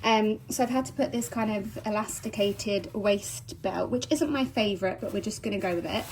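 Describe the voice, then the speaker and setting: A woman from England, chatting and rambling to camera in a casual vlog from her car, self-deprecating and lively. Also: medium pitch, moderate pace, slight background noise, low-quality recording. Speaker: vlogger. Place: in her car in a retail park.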